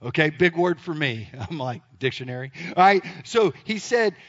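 A man, telling a self-deprecating story to an audience in an animated, comic way. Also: a little high, normal speed. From Memphis area, United States. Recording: dull lo-fi sound.

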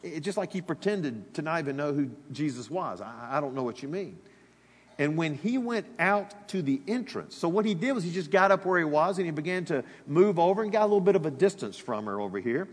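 Lively husky preacher. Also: male voice, fairly high pitch, brisk, few pauses. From Alabama, US. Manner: animated, conversational preaching with asides to the congregation. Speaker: pastor. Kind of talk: sermon. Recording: long reverb of a large hall.

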